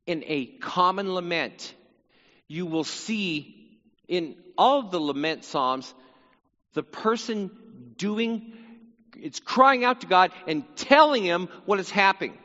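A man's voice: sits high, sharp tone, long reverb tail, highs cut off. A man teaching through a psalm in sermon style, earnest, repeating phrases and voicing the psalmist's cry. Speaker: Bible teacher.

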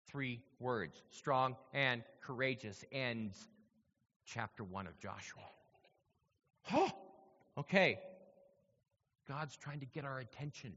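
A man's voice: medium pitch, sharp tone, long reverb tail, highs cut off. A man preaching a sermon, reading scripture aloud and then explaining it in a conversational teaching manner, often checking in with his listeners.

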